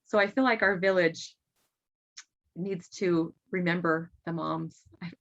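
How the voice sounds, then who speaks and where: A woman's voice: lowish voice, steady tone, a little slow, fairly bright tone. A middle-aged mother talking earnestly as a podcast guest, often laughing. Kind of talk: casual interview talk. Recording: dull lo-fi sound.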